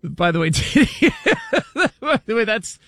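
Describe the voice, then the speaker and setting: A man hosting a sports talk radio show, teasing what is coming up in a brisk, upbeat way on a studio mic. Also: very high-pitched, huge pitch swings, bright, forceful tone, husky, no room sound. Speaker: radio host.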